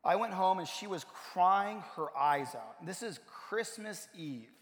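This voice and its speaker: A pastor preaching a sermon in a church, telling a personal story and building to emphatic points. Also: male voice, high voice, expressive, slow pace, fairly bright tone. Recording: long hall reverb.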